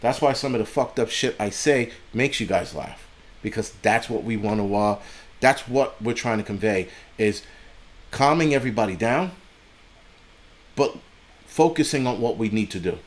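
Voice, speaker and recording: A man's voice: lowish voice, moderate pace. Profane, rambling man live-streaming. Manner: profane, rambling, sidetracks to read donations. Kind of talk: casual live-stream chat.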